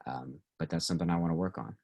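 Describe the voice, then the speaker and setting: A man, a pastor, leading a relaxed Bible study discussion with teens, asking the group questions and talking with many fillers and restarts. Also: deep voice, fast, breathy edge.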